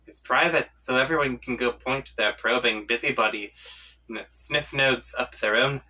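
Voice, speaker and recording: A man's voice: medium pitch, normal speed, bright, forceful tone, husky, far from the mic, poor audio. A man reading a comic aloud, voicing an irritable young male troll leader who rants in prickly bursts. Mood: ranting. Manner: prickly, ranting.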